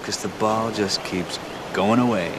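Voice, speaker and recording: A man's voice: lowish voice, natural voice. A man playing a smug drawling villain in a noisy film clip. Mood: taunting. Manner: slow, drawling, mocking. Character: smug male tech-millionaire villain, taunting. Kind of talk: film dialogue. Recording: distant film clip with loud background noise.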